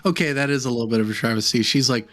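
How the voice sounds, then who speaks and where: A man's voice: mid-range voice, very fast, fairly bright tone, soft background music. A man co-hosting a podcast, chatting casually and laughing as he rambles through ideas. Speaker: podcast co-host. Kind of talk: casual chat.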